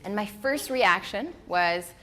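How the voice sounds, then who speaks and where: A woman who is not a native English speaker, giving a lively storytelling motivational talk to a live audience. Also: medium pitch, slow pace, slight background noise. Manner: animated storytelling, acting out her own inner voice. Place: event hall before a live audience.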